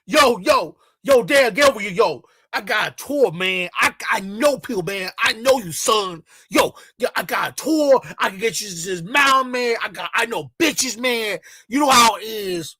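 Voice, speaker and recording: A man putting on a high, loud voice to play a boastful young male hustler working as a tour guide, shouting slang. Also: expressive, moderate pace, few pauses, husky, full character voice. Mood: brash boasting. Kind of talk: mocking impression in commentary.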